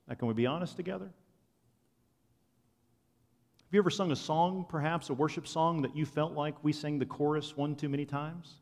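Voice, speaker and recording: A man preaching a sermon, swinging from loud proclamation to quiet, confiding asides. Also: a little high, normal speed, gravelly, long pauses. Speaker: pastor. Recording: long hall reverb.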